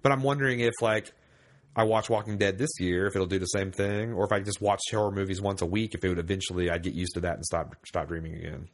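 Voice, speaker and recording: A man's voice: low voice, steady tone, fast. A sick man hosting a podcast, rambling casually, swearing and laughing easily. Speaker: podcast host. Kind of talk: casual chat.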